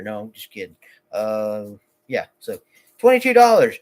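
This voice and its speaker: A man's voice: on the low side, huge pitch swings, darkish tone. A man who runs a small lawn care business, rambling casually and joking to his vlog viewers, often taking his jokes back. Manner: jokey, rambling, quick to say he's kidding.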